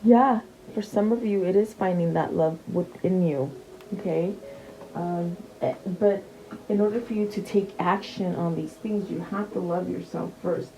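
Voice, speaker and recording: A woman's voice: fairly low pitch, measured pace, dark tone, a little hiss or hum, rough recording. A woman giving a casual tarot reading, chatty and repeating her questions to the cards, with many fillers and restarts. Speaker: tarot reader.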